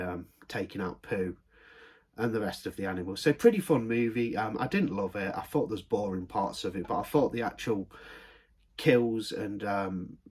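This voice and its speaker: A man's voice: lowish voice, husky. A young man giving a rambling film review, full of ums. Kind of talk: casual unboxing review.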